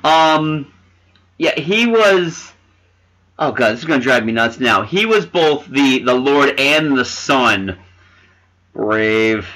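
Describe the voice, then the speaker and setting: A man in casual chat reviewing a film with friends, animated, swearing and laughing while he hunts for names. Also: mid-range voice, slow pace, low-quality recording. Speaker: podcast co-host reviewing a film.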